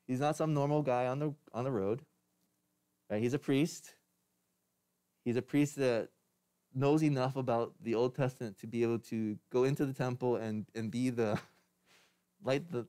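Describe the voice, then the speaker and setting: A man's voice: mid-range voice, mellow. A man preaching a sermon as pastor, in a conversational way with restarts and light laughs.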